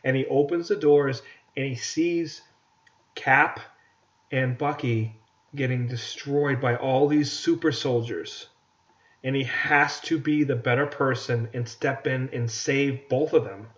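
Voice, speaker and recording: A man's voice: mid-range voice, fairly even intonation, slow pace. A man co-hosting a casual podcast, ranting about movies and stumbling over repeated words. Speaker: podcast co-host. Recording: dull lo-fi podcast audio.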